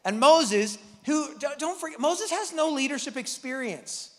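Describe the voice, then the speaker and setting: A man's voice: very high-pitched, expressive, normal speed, long reverb tail. A man preaching a casual, joking sermon as pastor, acting out Bible characters with the congregation. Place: church hall.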